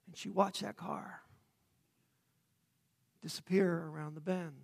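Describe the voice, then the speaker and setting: A man preaching a sermon, praying and then telling a story dramatically, swelling loud and dropping to a hush. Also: high voice, fairly even intonation, slow pace, vocal fry, pauses often. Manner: dramatic, swelling and hushing by turns. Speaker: pastor.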